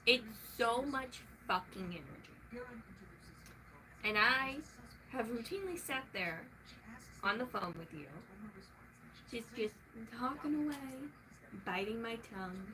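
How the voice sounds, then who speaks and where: A young woman venting in a casual vlog, swearing freely and swinging from soft talk to loud shouting. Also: on the high side, animated, measured pace, pauses often, a little hiss or hum, low-quality recording.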